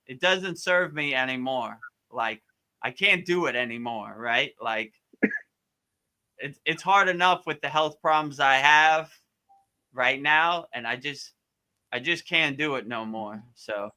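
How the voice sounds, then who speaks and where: A man's voice: a little high, pushed and bright. A man who is a spiritual teacher gives casual advice in a live question-and-answer session, easygoing and repeating his words often, with many fillers.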